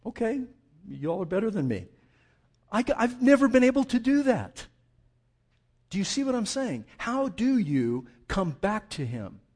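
A male pastor preaching a sermon in a conversational, animated way, asking his listeners rhetorical questions and often restarting his sentences. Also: high voice, a little slow, husky.

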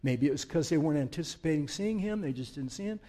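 Conversational pastor with a mellow voice. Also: male voice, on the high side, expressive, quick pace. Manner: conversational, building to fervent emphasis. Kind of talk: unscripted sermon. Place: church sanctuary.

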